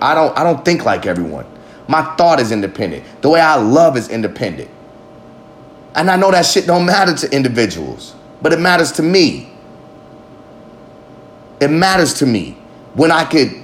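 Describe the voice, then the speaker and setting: A man's voice: medium pitch, slight background noise. A man hosting a podcast, talking in a rambling, profane, emphatic monologue. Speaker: podcast host. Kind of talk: casual monologue.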